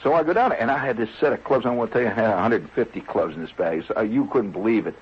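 Folksy, husky-voiced male storyteller. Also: on the low side, very fast, muffled recording. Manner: folksy, digressive, lots of "see?" and "you know". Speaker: comedian. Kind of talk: rambling comic storytelling.

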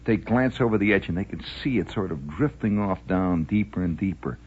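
Deep raspy wry radio monologuist. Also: male voice, a little fast, darkish tone. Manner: theatrical, mock-grand, wry; talking with a cigar in his mouth. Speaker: radio host. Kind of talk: rambling late-night radio monologue. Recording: dull lo-fi old radio recording with faint music.

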